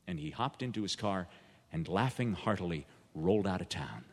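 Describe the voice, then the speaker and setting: Deadpan male storyteller in an echoey hall. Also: low-pitched, normal speed. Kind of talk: dry humorous storytelling.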